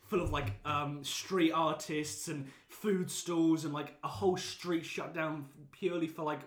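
A young man from Poland telling a story in casual chat, animated, laughing often and swearing freely. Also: a little high, measured pace. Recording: echoey room, faint noise.

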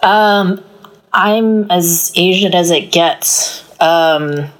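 A woman guest tells a long story in loose, casual chat. She rambles through fillers and slips into other people's voices when quoting them. Her voice sits slightly low. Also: extremely slow. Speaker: podcast guest.

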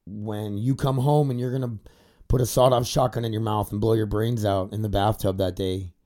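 Man, young adult, confessional vlog, candid, swearing, rambling, tearful at times, warm low voice. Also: steady tone, brisk. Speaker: podcaster. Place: indoor studio set facing a camera.

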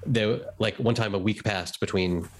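A man's voice: on the low side, fairly even intonation, normal speed, slight background noise. A man chatting casually with a friend about a TV series, hesitant and often restarting his sentences, with a dry, sardonic edge. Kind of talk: casual chat.

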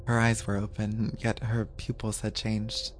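A man narrating a horror audio drama in a measured, even storytelling voice. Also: fairly low pitch, slight background noise. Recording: music playing under the voice.

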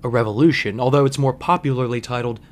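A man's voice: medium pitch, fast. A man hosting a podcast, giving a wry, conversational film commentary monologue with frequent asides. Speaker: podcast host.

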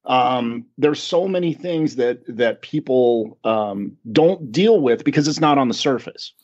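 A man's voice: mid-range voice, animated, measured pace, a little mellow, muffled recording. A man co-hosting a podcast in casual chat, laughing often and telling stories with animation. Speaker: podcast co-host.

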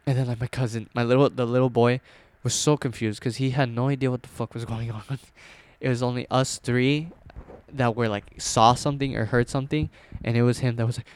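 A young man casually telling a scary personal story, rambling with fillers and restarts, dropping to a hush at tense moments. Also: medium pitch, fairly even intonation, fairly quick, smooth.

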